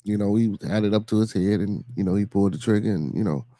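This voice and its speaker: A man with a Chicago accent hosting a solo podcast in a relaxed, chatty way, repeating shout-outs and leaning on fillers. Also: lowish voice, fast, no room sound. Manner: laid-back, repetitive shout-outs and fillers. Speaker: podcast host. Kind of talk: casual solo podcast chat.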